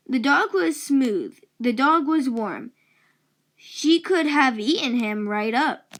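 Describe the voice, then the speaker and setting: A woman reading a children's picture book aloud, slow, gentle and expressive. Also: high-pitched. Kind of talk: read-aloud storybook narration.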